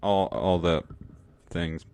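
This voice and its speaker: A man co-hosting a podcast in casual chat, giving laconic, deadpan short answers. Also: low voice, slow. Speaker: podcast co-host.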